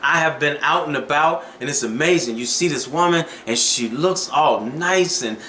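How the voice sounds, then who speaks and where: A man's voice: fairly high pitch, normal speed, bright, forceful tone, reverberant, slight background noise. A man telling dating advice stories in a casual vlog, preachy and conversational.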